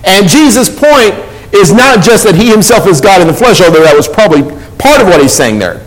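Emphatic high-voiced male preacher. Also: big pitch swings, fairly quick, low-quality recording. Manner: conversational, emphatic preaching with repeated restarts. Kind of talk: sermon.

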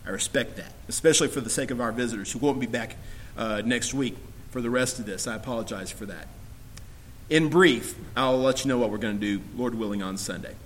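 A man preaching a sermon, earnest and building to emphatic appeals, with scripture read slowly. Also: mid-range voice, a little hiss or hum, low-quality recording.

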